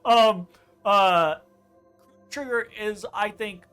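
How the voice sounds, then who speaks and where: A woman co-hosting a let's play, chatting casually with emphatic, animated delivery and some swearing. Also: medium pitch, extremely slow, music in the background. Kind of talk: casual chat over gameplay.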